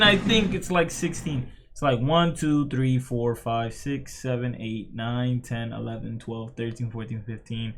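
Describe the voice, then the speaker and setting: A man's voice: medium pitch, fairly even intonation, moderate pace, few pauses, fairly bright tone. A young man giving casual, rambling commentary as a streamer, swearing a lot and restarting his sentences. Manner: rambling, profane, full of fillers and restarts.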